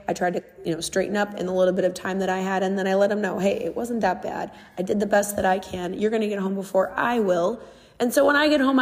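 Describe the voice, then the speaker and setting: A woman's voice: medium pitch, long reverb tail. A young woman talking casually and candidly on her own podcast, earnest and emphatic. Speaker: podcast host. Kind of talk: casual solo podcast talk.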